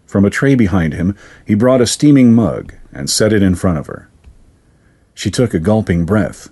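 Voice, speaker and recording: A man narrating a fantasy story in a steady, even storytelling manner. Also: deep voice, normal speed, slightly rough.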